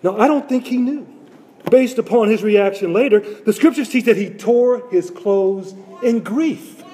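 A man delivers a sermon in a high, mellow voice. He repeats key phrases for emphasis and poses rhetorical questions to his listeners. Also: a little slow. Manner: repetitive, rhetorical questions to congregation. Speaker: preacher.

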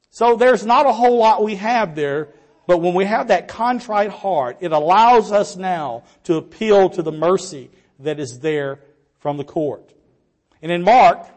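A man preaching a sermon earnestly, with rhetorical questions and quiet trailing endings. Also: sits high.

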